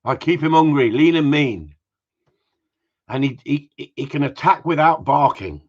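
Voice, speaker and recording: A man's voice: on the high side, expressive, normal speed. A man hosting a live Q&A, bantering and teasing his viewers in a rambling, joking way. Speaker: host of a live gundog Q&A stream. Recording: dull lo-fi livestream audio.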